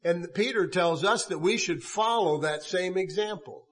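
A man preaching a sermon in an earnest, halting way, often restarting his sentences. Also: sits high, a bit bright.

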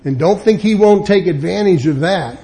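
Preaching emphatically in what sounds like a church or meeting room, a man acts out those he quotes with lively swings. His voice sits high, and his speed is normal.

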